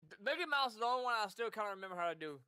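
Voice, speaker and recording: A man's voice: high voice, animated, rapid-fire, bright, forceful tone, smooth, no echo. A young man streaming a game, chatting loosely, swearing and laughing often. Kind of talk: casual gameplay commentary.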